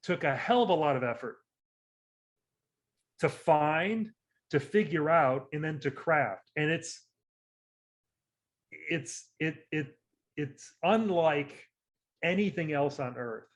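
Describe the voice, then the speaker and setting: Male podcast co-host, slow and emphatic, fairly high voice, argues by repetition. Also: lively intonation. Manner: emphatic, building a drawn-out argument with repeated phrases. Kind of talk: casual chat.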